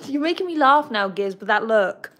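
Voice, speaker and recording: A woman's voice: high-pitched, a little hiss or hum. A young woman hosting a casual livestream about her pet bird, chatting and giggling as she talks to the bird and the viewers. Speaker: pet bird channel host.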